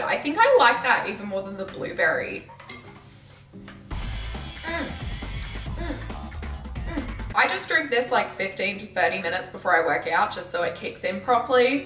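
A woman's voice: medium pitch, expressive, moderate pace, a bit bright. A woman in her twenties chatting casually in a bubbly, gushing vlog style. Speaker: vlogger. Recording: echoey room with background music.

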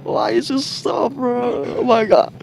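A man giving casual, excitable commentary while playing a mobile game, exclaiming often and laughing at what happens. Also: extremely high pitch, measured pace, creaky, a little hiss or hum. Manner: excitable, exclaims often, calls the viewer bro.

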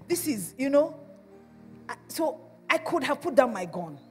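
Animated Nigerian woman pastor preaching. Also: high voice, measured pace, big-room sound, faint music behind. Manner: animated storytelling with laughter. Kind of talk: sermon. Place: church.

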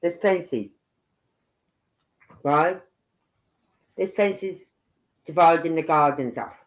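A woman from England speaks with a Brummie accent in a low, expressive voice at a very slow pace. She's a livestream commentator, chatting casually and thinking aloud as she goes.

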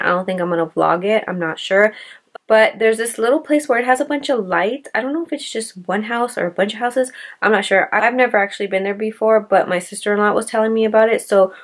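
A woman beauty vlogger talking casually to camera in a rambling way, with lots of "like" fillers. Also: mid-range voice. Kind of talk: casual vlog chat to camera.

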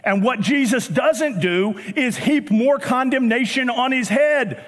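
High-voiced preacher in an echoing church. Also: male voice, measured pace, few pauses. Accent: Southern US. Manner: preachy and animated, rising to shouts, with joking asides. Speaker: pastor. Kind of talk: sermon. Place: church auditorium. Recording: long church hall reverb.

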